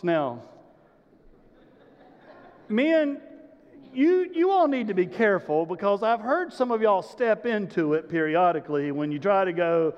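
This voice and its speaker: A man's voice: high-pitched, lively intonation, unhurried, long pauses. A man preaching a sermon as a pastor, telling the story animatedly and speaking straight to his congregation. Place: church sanctuary. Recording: muffled recording in a large reverberant hall.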